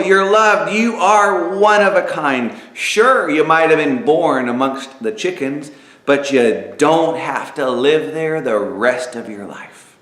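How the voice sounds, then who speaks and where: A man narrating an inspirational story aloud, dramatic and lively, with spoken sound effects. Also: on the high side. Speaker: author and narrator. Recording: echoey room.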